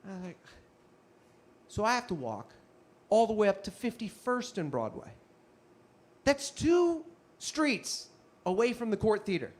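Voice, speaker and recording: Male comedian, high voice, animated storytelling, punchy asides. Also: measured pace, long pauses. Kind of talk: stand-up storytelling.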